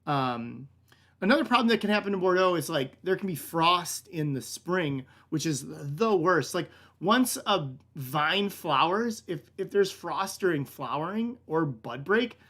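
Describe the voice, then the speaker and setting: A somewhat high-voiced American man, a wine shop director, hosts a casual online tasting class, speaking a little slowly with lively intonation and a fairly bright tone. He rambles in a laid-back way, packing his talk with "like," "kinda," and "um," and addresses his listeners as "man."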